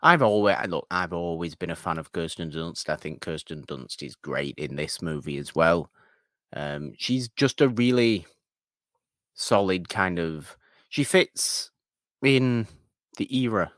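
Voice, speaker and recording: British male podcast co-host, lowish voice, dry close sound, playful banter. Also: a little slow, no room sound. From Britain. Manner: playful, mock-offended, animated. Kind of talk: casual chat.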